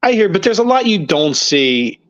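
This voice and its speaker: A man's voice: sits high, very animated, normal speed. A man co-hosting a casual sports podcast, talking in an emphatic, blunt way and hammering his points. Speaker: podcast co-host. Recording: dull lo-fi audio.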